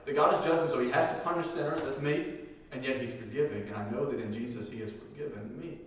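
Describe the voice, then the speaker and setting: A man's voice: mid-range voice, fast, slight background noise. Male pastor, emphatic sermon delivery, repeats key lines, recorded from a distance in a big reverberant hall. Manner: emphatic preaching, repeating key phrases, swinging between loud and hushed. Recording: echoey hall from far off.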